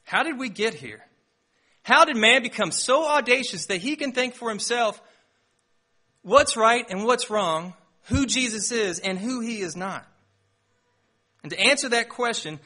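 Bright-voiced young man preaching. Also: sits high. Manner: storytelling, self-deprecating, animated. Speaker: pastor. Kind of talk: sermon with personal story.

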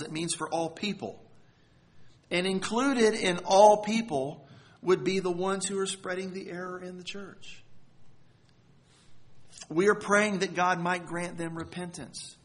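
High-voiced man preaching earnestly. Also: a bit bright. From United States. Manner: earnest, emphatic preaching with rising stress on key words. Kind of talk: sermon.

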